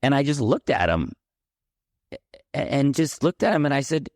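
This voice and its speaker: A middle-aged man from the San Francisco Bay Area, a podcast guest telling his childhood story in a candid, animated way. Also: medium pitch, moderate pace, dry recording, clean studio sound. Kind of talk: personal storytelling in a podcast interview.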